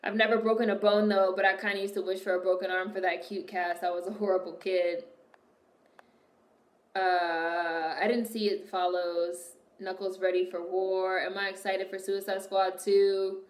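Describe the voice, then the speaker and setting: A young woman streaming and chatting casually with her viewers, telling animated stories full of swearing. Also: mid-range voice, normal speed. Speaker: streamer reacting to a movie and reading chat. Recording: echoey room.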